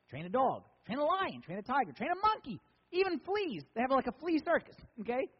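A man's voice: very high-pitched, in a large hall, dull audio. A man preaching as a pastor, conversational and joking with emphatic lines. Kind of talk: sermon.

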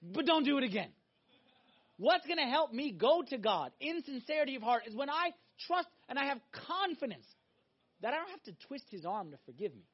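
A very high-voiced man preaches an animated, emphatic sermon, swinging from loud urging into quiet, intense stretches. His delivery is brisk and slightly rough, and the recording sounds dull and lo-fi.

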